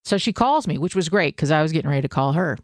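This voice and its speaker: A woman hosting a podcast, telling a personal story in a casual, animated, self-deprecating way and acting out her own panic. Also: low-pitched, fast talker, dry recording, clean studio sound. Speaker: podcast host.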